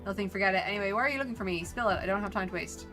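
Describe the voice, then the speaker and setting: A woman's voice: medium pitch, rapid-fire, pushed and bright, soft background music, lightly acted. A woman voicing a brusque, impatient man who says he is broke. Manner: curt, brusque.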